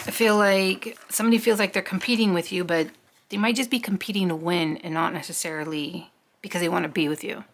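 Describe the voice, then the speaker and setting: A woman's voice: medium pitch, a bit bright, slight background noise. A woman giving a casual tarot reading, chatty and rambling, often talking to herself and swearing offhandedly. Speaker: tarot reader.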